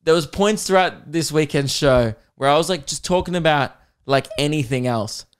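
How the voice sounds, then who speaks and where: A man's voice: a little high, expressive, moderate pace, smooth. A young Australian man hosting a podcast, ranting crudely and sarcastically between laughs. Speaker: podcast host and comedian. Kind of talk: casual comedic rant.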